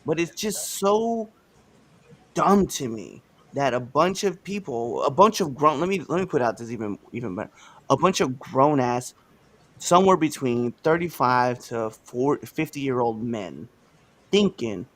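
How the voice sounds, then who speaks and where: A man's voice: mid-range voice, measured pace. Ranting man on a livestream podcast. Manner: animated, ranting, swears freely. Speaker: podcast co-host. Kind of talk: casual livestream chat.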